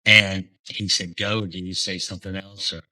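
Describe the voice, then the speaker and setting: A man questioning a witness in court as defense attorney, with measured, probing questions. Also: deep voice, flat delivery, bright, forceful tone, poor audio.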